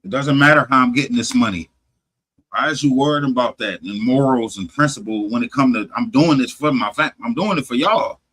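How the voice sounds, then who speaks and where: Bright husky man telling a story. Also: mid-range voice, a little fast, poor audio. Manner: animated, swears heavily, restarts often. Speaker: podcast host. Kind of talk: casual profane storytelling.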